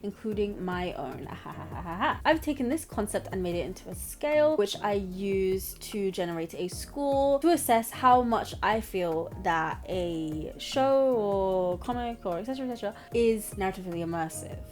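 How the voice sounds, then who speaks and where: A woman's voice: mid-range voice, lively intonation, normal speed, hardly any pauses, darkish tone, soft background music. A young woman talking casually and rambling, giggling between her points as she reviews a show. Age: young adult. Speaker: anime reviewer, channel host. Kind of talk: casual commentary vlog.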